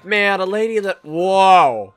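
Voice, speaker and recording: Excitable, jokey let's play guy. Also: sits high, slow, clean tone. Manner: excitable, jokey, talks back at the game. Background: game music and sounds.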